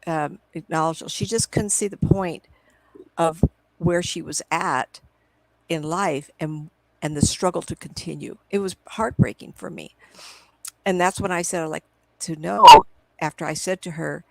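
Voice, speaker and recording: A woman's voice: sits low, moderate pace, creaky, dry recording, poor audio. A middle-aged woman, a psychic medium, talks at home on a video call through her computer microphone. She tells long, wandering stories and acts out her past conversations as she goes. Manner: rambling, acts out remembered conversations. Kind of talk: casual interview storytelling.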